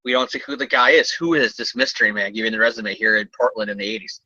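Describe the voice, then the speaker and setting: Bright-voiced man rambling about comics. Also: fairly low pitch, no echo. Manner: rambling, jokey, does quick character voices. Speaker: comic book podcast co-host. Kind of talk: casual comic review chat. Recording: dull, dry lo-fi audio.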